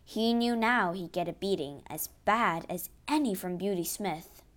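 Brief: woman narrator, storybook reading, slow and steady. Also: medium pitch.

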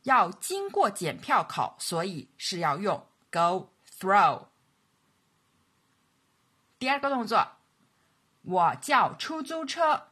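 A woman with a Mandarin Chinese accent teaching an English lesson, saying each model sentence slowly and repeating it for learners. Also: medium pitch, very animated, pushed and bright, slightly rough. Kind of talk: language lesson narration.

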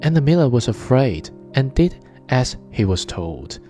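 A man narrating a fairy tale aloud in a measured, expressive storytelling manner. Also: medium pitch, faint music behind.

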